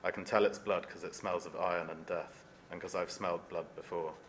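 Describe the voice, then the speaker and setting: A man reading as a teenage boy trapped alone in the dark, in a solemn, measured reading voice with no put-on accent. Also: deep voice, fairly even intonation, slight background noise. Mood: haunted. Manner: solemn, measured reading in his own unaccented voice. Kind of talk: reading aloud from a novel.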